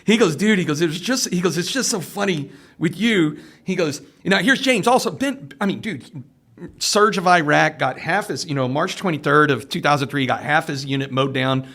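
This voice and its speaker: Lively, fairly high-voiced male podcast host. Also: normal speed. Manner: storytelling, tags lines with "right?". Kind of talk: casual interview chat.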